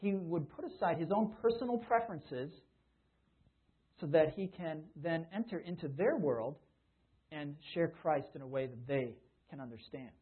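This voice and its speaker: A man's voice: fairly high pitch, normal speed, husky. A man preaching a sermon in a conversational way, often restarting his sentences. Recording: tinny phone-like sound.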